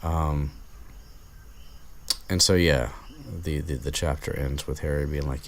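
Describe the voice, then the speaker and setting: A man with a very low voice casually recapping a book. He talks slowly and rambles, full of ums and restarts. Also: steady tone, a little hiss or hum. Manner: rambling, many fillers and restarts. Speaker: podcast host recapping a book. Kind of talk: casual chat.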